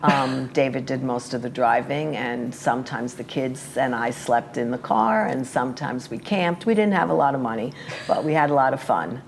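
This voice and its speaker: A woman's voice: extremely low pitch, animated, moderate pace, gravelly, slight background noise. An older woman, a guest in a casual interview, chatting about her life in a rambling way with fillers and small laughs.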